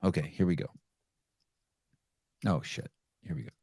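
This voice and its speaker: A man's voice: deep voice, moderate pace, husky, dry recording, studio quality. A man hosting a podcast, ranting bluntly and profanely in casual commentary. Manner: blunt, swearing, animated rants. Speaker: podcast host.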